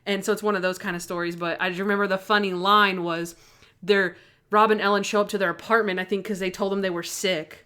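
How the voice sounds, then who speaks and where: Fast and clear, with a resonant, medium-pitched voice, a woman co-hosts a casual podcast and eagerly retells TV episodes. She's an animated storyteller, acting out the characters' lines with laughs.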